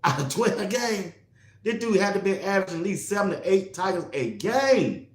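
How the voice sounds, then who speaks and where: A man hosting a casual sports talk show, animated and slangy, laughing often as he talks. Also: sits high, moderate pace, echoey room.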